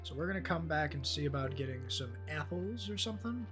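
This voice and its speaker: A man with a slightly high voice rambles through a game stream, swearing freely. He drifts from joke to joke and gets easily delighted. Faint music hums behind him. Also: expressive, brisk. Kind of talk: casual live-stream commentary.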